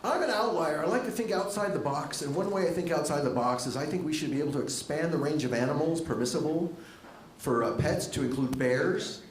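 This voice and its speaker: A middle-aged male stand-up comedian on stage at a comedy club, delivering jokes with a dry, wry deadpan through a handheld mic. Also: fairly quick, slight background noise. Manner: dry, wry deadpan with lively jumps in pitch. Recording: echoey club room with audience laughter.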